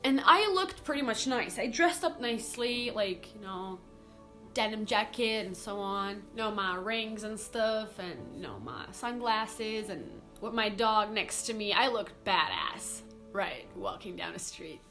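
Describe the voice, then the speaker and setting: A woman's voice: mid-range voice, expressive, sharp tone, faint music behind. A young woman talking earnestly to camera in a casual vlog, full of "like" and "you know". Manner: earnest, talks fast with fillers like "like" and "you know". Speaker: vlogger. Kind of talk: casual confessional monologue to camera.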